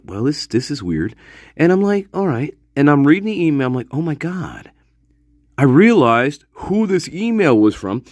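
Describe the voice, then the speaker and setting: A man's voice: medium pitch, dry recording, clean studio sound. A man hosting a casual live stream from his room, rambling, swearing and laughing often as he talks to viewers. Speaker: channel host.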